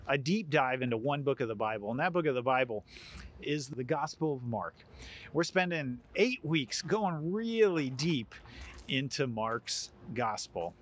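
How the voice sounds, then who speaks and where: Animated male pastor preaching. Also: fairly high pitch. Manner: animated storytelling, acts out quoted lines. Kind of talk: sermon.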